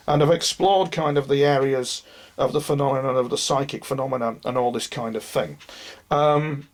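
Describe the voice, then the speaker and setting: Husky man, rambling and unwell. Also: medium pitch. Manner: rambling, earnest, addresses viewers directly. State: unwell, losing his voice. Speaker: UFO experiencer. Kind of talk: monologue to camera.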